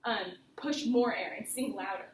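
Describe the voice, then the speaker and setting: A woman's voice: a little high, moderate pace. A woman voice teacher giving a private singing lesson, chatty and encouraging as she explains with vivid images. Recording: roomy studio with faint noise.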